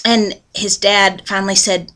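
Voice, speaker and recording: Woman, bright tense tone, earnest folksy devotional talk. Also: mid-range voice, little pitch movement, unhurried. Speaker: devotional speaker.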